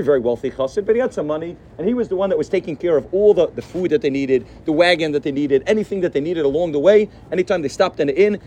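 A male rabbi gives an animated sermon, rattling along quickly in a slightly raised voice. He mixes Yiddish and Hebrew words into his talk. Faint traffic hums in the outdoor background. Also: a little high. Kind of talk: sermon storytelling.

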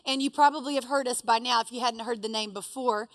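High-voiced woman telling a story. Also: fast talker, no echo. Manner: animated, self-deprecating, humorous. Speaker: speaker telling a personal story. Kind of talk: storytelling talk to a live audience.

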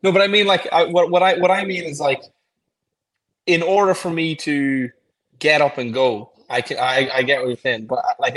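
A man's voice: mid-range voice, a bit bright, low-quality recording. A man co-hosting a podcast in casual chat, encouraging and thinking aloud as he talks. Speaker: podcast co-host.

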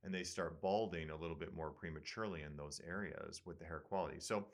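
A man's voice: low voice, fairly even intonation, fast talker. A man with a Midwestern American accent, a surgeon hosting a casual medical talk show and explaining studies with fillers. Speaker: surgeon and podcast host.

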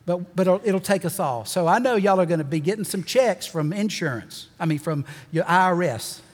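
A pastor delivers a folksy, animated sermon, slipping in jokes and hammering points home by repeating them. His voice sits a little high for a man, and long reverb from the church sanctuary trails after every phrase. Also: normal speed. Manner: folksy, animated preaching with joking asides and repeated emphasis.

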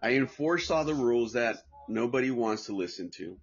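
A man's voice: medium pitch, lively intonation, normal speed, vocal fry, breathy edge, lo-fi sound. Rambling profane man from Southern California. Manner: rambling, profane, restarts often. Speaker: podcast host. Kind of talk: casual livestream podcast chat.

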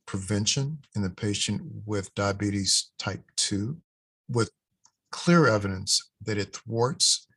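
Low husky guy doc, explaining guidelines, steady and emphatic. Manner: measured, emphatic, repeats key points. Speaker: cardiologist guest, guideline author. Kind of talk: expert interview explanation.

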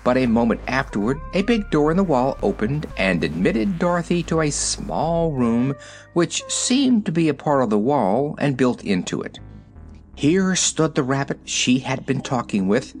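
A man narrating a storybook, reading in an expressive, lively storytelling manner. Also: medium pitch. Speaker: audiobook narrator.

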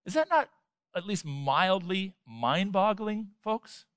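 A man preaching a sermon, emphatic, with rhetorical questions and swings between loud and soft. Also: high-pitched, expressive, takes it slowly, dry recording. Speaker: pastor.

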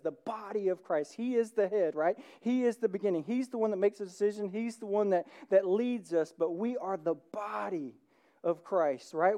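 A pastor preaching a sermon in a conversational way, often checking in with the congregation and growing excited. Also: mid-range voice. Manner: grows animated and excited.

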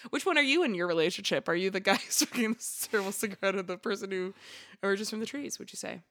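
A woman's voice: medium pitch, fast talker, a bit bright. A young woman co-hosting a podcast, chatting casually and playfully, laughing often. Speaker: podcast co-host. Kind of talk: casual chat.

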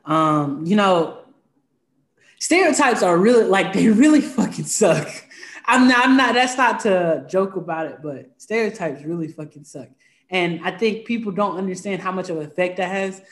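A man with a notably high voice talks emphatically as a podcast co-host, leaning on swear words to drive his points home. His voice carries a roomy echo. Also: expressive, normal speed. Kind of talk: casual conversation.

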